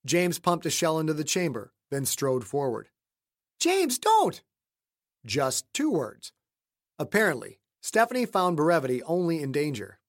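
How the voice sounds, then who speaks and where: A man with a slightly raised pitch narrating an audiobook in a measured, suspenseful way. He slows down for the tense beats. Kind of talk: scripted narration.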